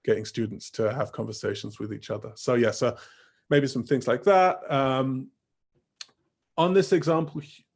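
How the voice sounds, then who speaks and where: A man's voice: medium pitch, moderate pace, vocal fry, slightly rough. A young man giving a teacher-training talk over a video call, casual and rambling with many fillers. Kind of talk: online workshop talk.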